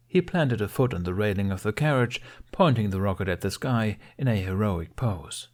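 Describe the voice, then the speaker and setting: A man narrating a fan fiction audiobook in a lively storytelling manner. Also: lowish voice, moderate pace, hardly any pauses. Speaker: podfic reader.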